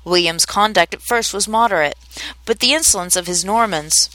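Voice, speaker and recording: A woman's voice: mid-range voice, normal speed, bright, forceful tone, dry recording, close to an everyday voice, poor audio. A woman voicing a small, self-important mouse who lectures the others in a prim, fussy way. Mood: lecturing.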